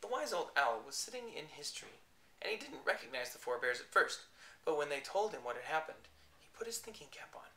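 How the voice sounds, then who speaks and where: Lively, gravelly bedtime storyteller. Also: medium pitch, fairly quick, echoey room.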